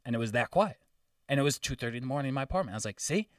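A man's voice: mid-range voice, racing, dry recording. Guy telling a swear-heavy story, dry room, bit far from the mic. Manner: profane, animated storytelling with acted-out quotes. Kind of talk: casual storytelling chat.

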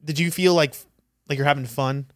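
A man co-hosting a podcast in casual, crude banter, laid-back and quick to laugh loudly. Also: a little high, fairly even intonation, no echo, studio quality. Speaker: podcast co-host.

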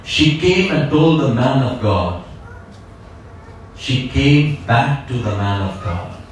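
A man's voice: mid-range voice, lively intonation, slow pace, very echoey, far from the mic, slight background noise, rough recording. A man preaching a sermon, calling out hallelujah again and again and asking the congregation questions. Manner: repetitive call-and-response, frequent hallelujahs. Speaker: pastor.

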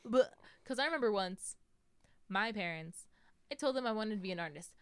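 A woman's voice: medium pitch, lively intonation, brisk, fairly bright tone, clean tone, no room sound. A young American woman chatting casually as a podcast host, telling stories with lots of "like" and "you know". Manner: acts out quotes in a raised voice. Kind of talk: casual chat.

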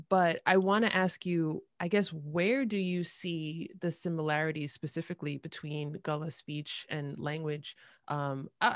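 A woman's voice: low-pitched, dry recording, clean studio sound. A woman hosting a podcast interview, chatting casually with many fillers and restarts. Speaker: podcast host.

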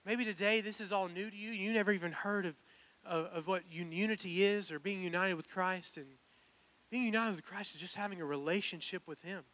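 A man's voice: high voice, fairly even intonation, brisk, a bit bright. A young man, preaching a personal, earnest sermon that builds to emphatic calls. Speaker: pastor. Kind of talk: sermon with altar call.

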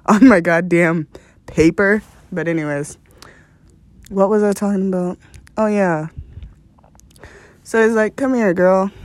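A young woman hosts a podcast, telling a rambling, profane story in a casual way and laughing often. Her voice is fairly low in pitch, in a dry recording.

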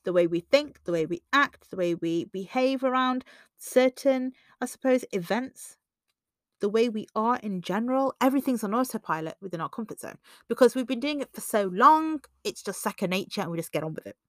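A woman hosts a self-help podcast in a relaxed, conversational monologue. She leaps into animated quoted voices now and then, and the recording is close and dry with no room sound. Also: brisk, dry recording. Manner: conversational, acts out quoted voices with big pitch jumps. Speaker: podcast host.

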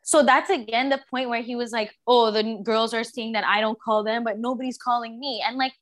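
A woman joining a podcast as a guest, giving her opinions in casual, animated chat. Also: on the high side, brisk. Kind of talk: casual pop culture chat.

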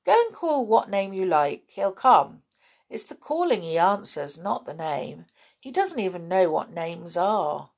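A woman's voice: medium pitch, very animated, a little slow, creaky, heavily acted. A clever, mischievous doll girl from a bedtime storybook, read by a woman. She explains things with a knowing, amused lilt.

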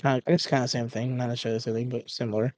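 A man's voice: mid-range voice, flat delivery, rapid-fire, no room sound. A man in casual podcast chat who rambles, trips over words and laughs at his own jokes. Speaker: podcast co-host.

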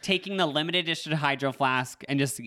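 A man's voice: fairly high pitch, brisk, bright, forceful tone. A man co-hosting a podcast, telling an awkward story in casual chat and acting out the voices of the people in it. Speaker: podcast co-host.

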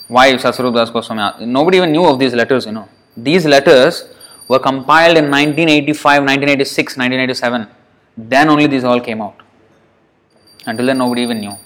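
A man's voice: mid-range voice, a bit bright, rough recording. A man giving a spiritual lecture to devotees, earnest and explanatory, often repeating phrases for emphasis. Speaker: religious teacher.

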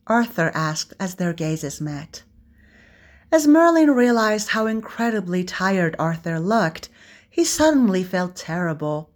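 A woman reading fan fiction aloud in a steady storytelling manner. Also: lowish voice. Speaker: reader.

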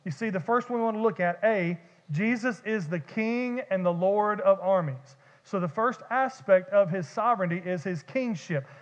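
A man's voice: high voice, normal speed, hardly any pauses. A man preaching a sermon as pastor, talking in a conversational way that often repeats and restarts words. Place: church sanctuary. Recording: dull lo-fi church recording with long reverb.

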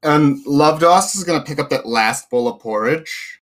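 A man's voice: a little high, moderate pace, fairly bright tone. A man playing a tabletop game, explaining what his character does. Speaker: player.

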